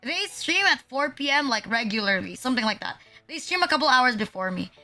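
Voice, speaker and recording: A young woman from the Philippines chats on her livestream in a high, bright voice. She rambles and swears freely, and her talk is full of "like." Faint music plays behind her. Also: animated, fairly quick. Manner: rambling, swears a lot, lots of "like". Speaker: VTuber streamer. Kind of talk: casual livestream chat.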